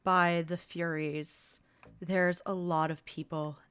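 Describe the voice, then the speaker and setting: A woman's voice: fairly low pitch, little pitch movement, slow pace, fairly bright tone, clean tone. A woman role-playing as a player in a tabletop game, subdued and dejected. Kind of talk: in-character tabletop role-play.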